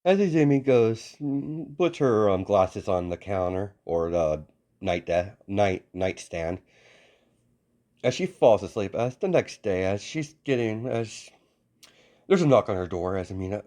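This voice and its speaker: A man telling a fan story off the cuff, rambling and leaning heavily on fillers. His voice sits low but moves a lot in pitch. The telling is loose and unscripted. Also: animated, moderate pace, a little mellow. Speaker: narrator. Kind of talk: casual fan-story narration.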